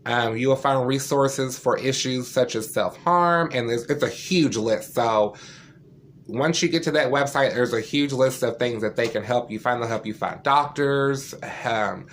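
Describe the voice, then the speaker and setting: A man's voice: medium pitch, a little slow, a little hiss or hum. A man talking to camera in a vlog, earnest and candid, with a loose conversational way of speaking. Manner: loose and conversational, with many fillers. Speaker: vlogger. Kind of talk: personal story to camera.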